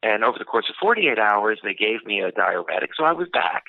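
Lower-voiced man on a tinny phone line. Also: very animated, vocal fry, no echo. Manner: unhurried, many "you know" fillers. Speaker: interview guest. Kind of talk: telling a personal story in conversation.

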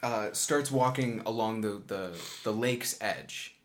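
A man hosting a tabletop podcast and narrating the game in a relaxed, casual way. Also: fairly low pitch, takes it slowly. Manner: relaxed, many ums and uhs. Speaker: podcast host and game master.

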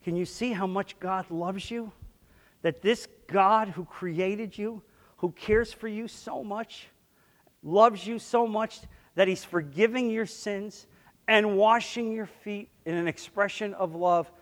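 A high-pitched man preaching a sermon. He is emphatic, jumping from loud bursts to soft asides. His voice rings with long reverb, as in a big hall. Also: slow pace. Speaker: pastor.

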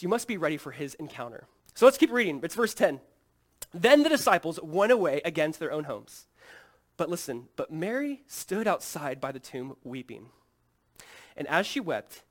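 A pastor with a high, bright voice preaching an Easter sermon. He rises to loud, emphatic peaks, then drops to a hushed near-whisper, and acts out the quoted voices as he retells the story. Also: sing-song, moderate pace. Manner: preaching with big swings between loud emphatic peaks and hushed low passages.

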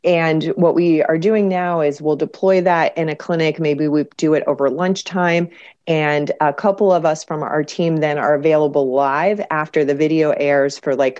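A woman's voice: sits low, darkish tone, lo-fi sound. A woman researcher answering interview questions in an explanatory way, with frequent fillers. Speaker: cancer researcher guest.

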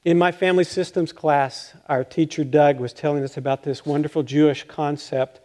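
An older male pastor preaching a conversational, self-deprecating sermon, halting and restarting with light chuckles. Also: on the high side, fairly even intonation, dark tone.

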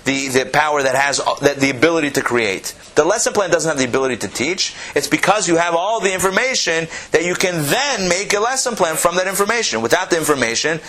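A man teaching a Torah class, animated, repeating phrases and asking his listeners questions. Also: a little high, quick pace, few pauses.

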